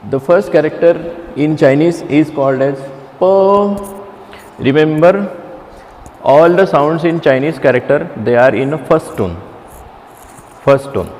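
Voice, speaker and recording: A man teaching a beginner Chinese class, speaking haltingly with many restarts and fillers. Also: fairly high pitch, a little mellow, long reverb tail, a little hiss or hum. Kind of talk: classroom lecture.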